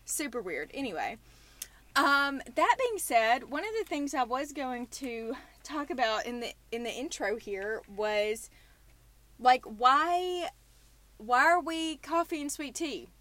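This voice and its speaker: A woman's voice: sits high, big pitch swings, slow pace, bright, forceful tone, dry recording. Chatty Southern woman with a dry close sound. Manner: chatty, laughing storyteller. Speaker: podcast host. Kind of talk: casual podcast chat.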